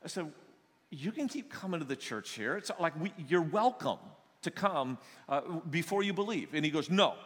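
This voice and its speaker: A man pastor telling stories in a sermon, animated and joking, acting out the people he quotes. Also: a little high, normal speed, breathy edge. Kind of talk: sermon storytelling. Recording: long echo of a large hall.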